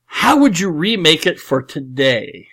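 A man's voice: a little high, big pitch swings, unhurried, sharp tone, slightly rough. A man hosting a podcast, talking about a film in a rambling, emphatic way with many fillers and restarts. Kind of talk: casual movie discussion.

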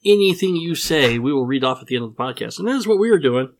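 A man's voice: on the high side, animated, fast. A man hosting a podcast, reading listener answers aloud in playful, joking banter. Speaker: podcast host.

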